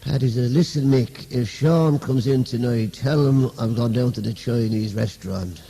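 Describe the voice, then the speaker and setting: A young Irish man, a comedian, telling stand-up jokes as rapid-fire one-liners and switching into the voices of the people in them. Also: mid-range voice, creaky, warm tone, breathy edge. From Ireland. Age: young adult.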